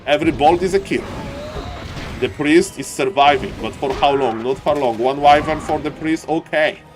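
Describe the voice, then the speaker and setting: A man casting a strategy game live, with excitable play-by-play that keeps calling out to "ladies and gentlemen" and climbs high and loud in the fights. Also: moderate pace, over music. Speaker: esports caster.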